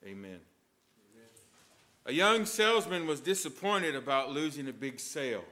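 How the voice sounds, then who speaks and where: A male priest preaching a sermon with lively storytelling and emphatic points. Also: on the high side, moderate pace.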